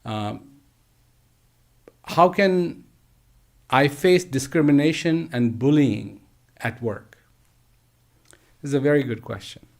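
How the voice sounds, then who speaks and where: A man giving a slow storytelling talk to teachers, gentle and emphatic, with repeated phrases and pauses. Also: mid-range voice, expressive, creaky. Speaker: speaker addressing teachers. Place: live online address.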